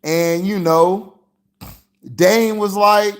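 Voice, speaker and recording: Male host of a casual movie-review stream, slightly high voice, unhurried, rambling and slangy delivery. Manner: rambling and slangy, full of "you know" fillers.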